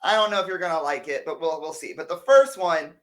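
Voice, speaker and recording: A man's voice: on the high side, animated, fast, a bit bright. A man co-hosting a podcast, playfully building up a surprise like an announcer. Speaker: podcast co-host. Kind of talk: casual chat.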